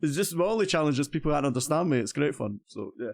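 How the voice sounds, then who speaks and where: A man's voice: a little high, lively intonation, quick pace, gravelly, dry recording. Scottish guy hosting a gaming stream, chatty, trips over his words a lot, dry sound no room. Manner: chatty, cheerful, stumbling restarts. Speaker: streamer host. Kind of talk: casual stream chat.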